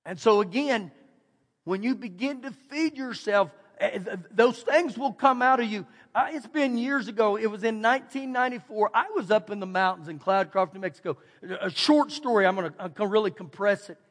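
A middle-aged Texan pastor with a fairly high voice preaches in a folksy, animated way, doubling his phrases as he tells a story. His voice rings with a long reverb from a large church hall. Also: brisk. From Texas. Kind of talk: storytelling sermon. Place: church sanctuary.

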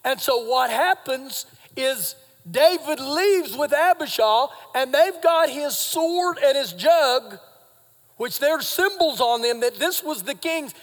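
High-voiced man preaching in a reverberant church. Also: expressive, slow pace. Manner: dramatic, swings from shouting to hushed retelling. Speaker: pastor. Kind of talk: sermon. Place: church sanctuary. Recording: live hall reverb.

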